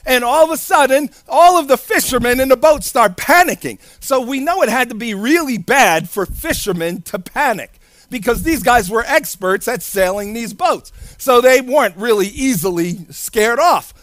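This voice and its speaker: A man's voice: very high-pitched, animated, normal speed, fairly bright tone, no room sound. A man preaching a sermon in a sing-song cadence, acting out the voices in the story he tells.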